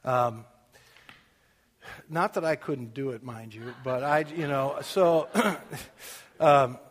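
A middle-aged man telling a story in a sermon. He speaks casually, with self-mocking humor, and loudly acts out the things people said. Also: mid-range voice, takes it slowly, slightly rough. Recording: long reverb of a large hall.

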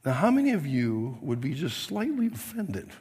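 A middle-aged man, a pastor, preaching a sermon to his congregation in a chatty, joking way, with a hoarse, coughing throat. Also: a little high, very animated, moderate pace, darkish tone. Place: church sanctuary. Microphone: mic at the pulpit, then a handheld mic. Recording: long hall reverb.

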